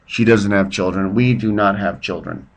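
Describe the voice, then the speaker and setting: A man's voice: on the low side, steady tone, moderate pace. Rambling man hosting a home podcast. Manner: rambling, self-deprecating, tells jokes with bits of voices. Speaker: podcast host. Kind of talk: off-the-cuff casual monologue. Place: at home, drinking beer while his partner sleeps.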